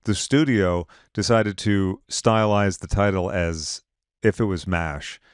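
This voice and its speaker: Low smooth-voiced man hosting a film podcast. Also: slow, no room sound. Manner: dry, wry film-buff rundowns of filmographies. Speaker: podcast host. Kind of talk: casual film chat.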